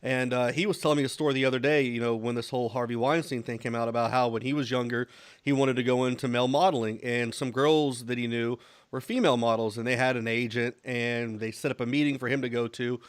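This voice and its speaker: A man's voice: mid-range voice, fairly even intonation, fast talker, clean tone. A man with a mid-range voice hosts an interview, chatting casually and rambling through a story with plenty of fillers. The sound is dry and close, with no room echo. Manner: conversational and rambling, many fillers. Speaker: show host, interviewer. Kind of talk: casual interview, anecdote telling.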